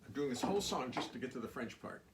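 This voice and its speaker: A man who sings and plays bass, chatting casually between songs in his studio in a rambling, wry, self-mocking way. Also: lively intonation, fast talker, background noise. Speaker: singer and bassist. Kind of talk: casual between-song chat at a live stream. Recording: loud bass under the voice. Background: his own double bass playing.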